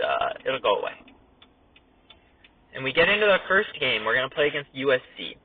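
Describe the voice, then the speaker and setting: A man's voice: medium pitch, breathy edge. A young man casually telling a story while driving, rambling with lots of "like" and chuckles. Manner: rambling, heavy use of "like", laughs while telling. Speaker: podcast host. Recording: tinny phone-like audio with faint noise.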